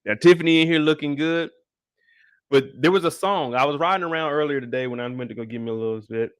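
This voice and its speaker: A young man giving a casual live recap of a TV episode, talking in animated, slangy, profane banter. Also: fairly high pitch, fast, clean tone, no echo, studio quality. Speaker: show recap host.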